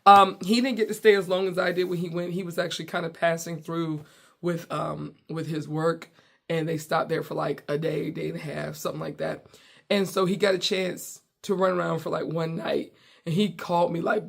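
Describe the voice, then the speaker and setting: A woman's voice: on the low side, moderate pace, gravelly. A woman from the United States, a comedian and podcast host, telling a story in a casual, playful way and acting out the dialogue. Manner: animated, playful, acts out dialogue.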